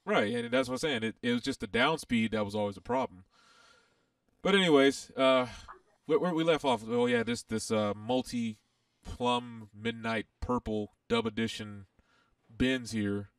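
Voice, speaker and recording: A man hosting a casual racing game livestream, rambling and animated with lots of fillers. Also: mid-range voice, measured pace, vocal fry, dry recording. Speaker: livestream host. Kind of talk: casual gaming livestream chat.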